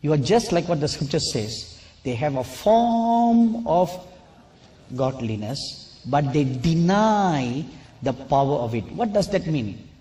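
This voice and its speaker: A man preaching a sermon and telling a personal story, slow and deliberate, at times scolding the audience. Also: fairly high pitch, sing-song, mellow.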